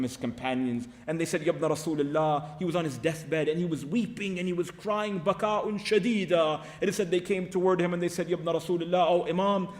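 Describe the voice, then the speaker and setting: A man delivers a sermon at a mourning gathering, his voice pitched high. He tells the story with passion and speaks each character's lines himself. The sound rings with the long echo of a large hall. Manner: impassioned storytelling, acting out the dialogue of the story.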